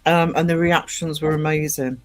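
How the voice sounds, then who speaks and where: Rambling man, slightly high voice. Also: fairly even intonation, normal speed, soft background music. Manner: rambling and chatty, with many ums and restarts. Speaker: live streamer. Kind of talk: casual live stream chat.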